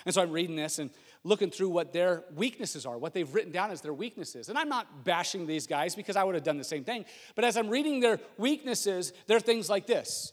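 A middle-aged man preaching a sermon as a pastor, telling a story in an animated way and acting out what people said. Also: mid-range voice. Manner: storytelling, animated, acts out quotes. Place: church sanctuary. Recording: long reverb of a large hall.

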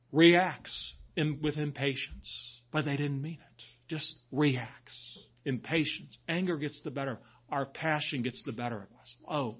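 A priest giving a sermon, telling stories in a chatty way and often asking "right?". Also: male voice, mid-range voice, dull audio. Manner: conversational storytelling, frequent "right?".

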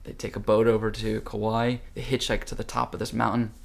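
A man telling a long, animated story in casual chat, often slipping into voices. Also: fairly low pitch, brisk, creaky. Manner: animated, jumps between acted voices. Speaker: podcast host telling a story.

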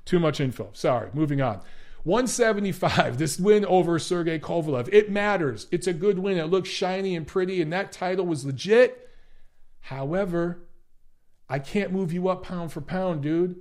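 Guy ranting about boxing on a stream, sarcastic and sweary, voice on the higher side. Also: normal speed, darkish tone. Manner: blunt, sarcastic, swears freely. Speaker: boxing analyst and ratings panelist. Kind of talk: livestream commentary answering chat.

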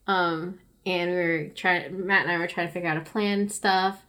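A woman's voice: on the low side, steady tone, normal speed, a bit bright. A woman in casual chat, telling rambling stories and laughing often. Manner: giggly, rambling storyteller.

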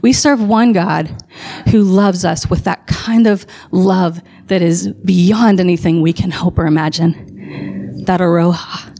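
A woman's voice: lowish voice, fairly even intonation, slow pace, dark tone. A woman preaching a sermon, telling a story with building passion and emphatic calls to her listeners.

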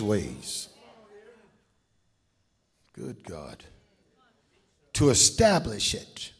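A man preaching a sermon as pastor, calling on the congregation to answer back and swinging between shouts and hushed asides. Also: high voice, very animated, measured pace, long pauses, breathy edge. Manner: preaching with call-and-response to the congregation.

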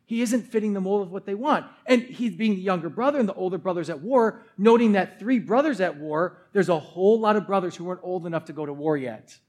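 A male pastor giving a sermon in a loose, chatty way that feels like talking with friends. His voice sits notably high for a man, and he leans on "like" as he talks. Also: expressive, fast talker, hardly any pauses, darkish tone. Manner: casual, conversational, uses "like" a lot.

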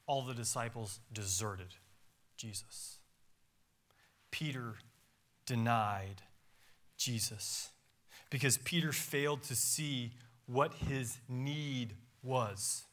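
A man's voice: medium pitch, slow pace, pauses often, a bit bright. A pastor preaching a sermon in a church, reading scripture aloud with emphatic rises and drops in his voice. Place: church sanctuary.

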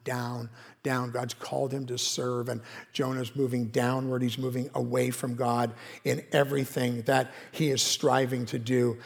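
A man's voice: mid-range voice, vocal fry. A man preaching a sermon as pastor, in an earnest, conversational way full of rhetorical questions. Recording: long reverb of a large hall.

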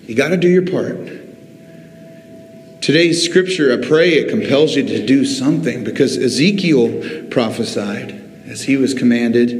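Pastor guy preaching in a church, echoey sanctuary sound, lots of dramatic build and pauses. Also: mid-range voice, darkish tone. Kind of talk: sermon.

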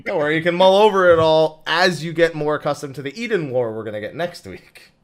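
A man's voice: on the high side, quick pace, a crowd in the background. A man hosting a casual talk show, upbeat, prompting his guests and laughing often. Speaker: podcast host. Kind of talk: casual chat.

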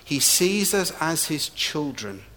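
A man from England preaching a sermon with humor and animated asides, recorded in a large church hall. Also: fairly high pitch, slow, slight background noise. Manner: humorous, animated storytelling with quips. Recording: echoey hall reverb.

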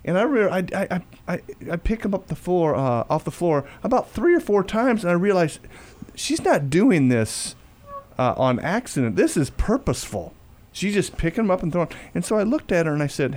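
Slightly high and very animated, a man's voice hosts a faith talk show as he tells a family story. He speaks casually and haltingly, often repeating words and quieting down when quoting himself.

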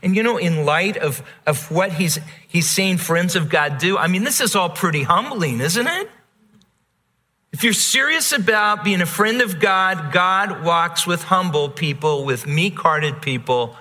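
Slow, bright-voiced preaching man in a hall. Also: sits high, lively intonation. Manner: earnest, repetitive, swings from soft to emphatic. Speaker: pastor. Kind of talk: sermon.

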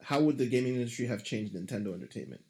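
A man's voice: medium pitch, animated, very fast, warm tone. A man co-hosting a casual podcast, reading a listener's email aloud in a dry, joking way. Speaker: podcast co-host.

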